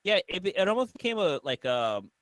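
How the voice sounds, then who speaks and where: A man's voice: high-pitched, big pitch swings, fairly quick, fairly bright tone, no echo. A man co-hosting a casual livestream chat, hesitant and full of fillers as he searches for words. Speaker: podcast co-host.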